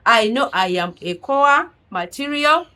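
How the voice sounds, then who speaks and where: A woman with a non-native English accent preaches an earnest motivational sermon. Her voice sits fairly high, and she presses her listeners with question after question. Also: animated, a little slow, pushed and bright, poor audio. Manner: earnest, exhorting, with many rhetorical questions.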